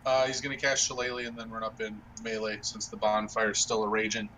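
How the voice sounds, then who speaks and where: A man at a tabletop game, talking in a bright, forceful voice. He hesitates and restarts often, circling his words before he commits, with a faint hiss of noise behind him. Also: lowish voice, level tone, fairly quick, poor audio. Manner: hesitant, repeats words while thinking. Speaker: player. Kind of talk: casual tabletop play.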